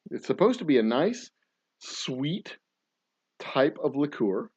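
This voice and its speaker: A man's voice: a little high, very animated, takes it slowly, darkish tone, husky, lo-fi sound. A man hosting a casual chat show while mixing a cocktail, joking and rambling through tall tales with a straight face. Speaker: podcast host and distiller.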